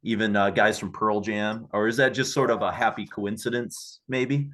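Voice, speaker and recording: A male interviewer hosting a podcast, asking measured questions full of hedges and fillers. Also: on the low side, steady tone, fairly bright tone. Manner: measured, hedging questions with many "sort of" fillers.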